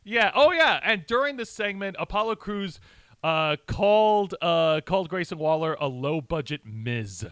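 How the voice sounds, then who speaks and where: A man's voice: high voice, expressive, unhurried, a bit bright, clear, resonant tone, no echo. A man co-hosting a live wrestling review show, talking bluntly and swearing in casual sarcastic chat. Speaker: podcast co-host.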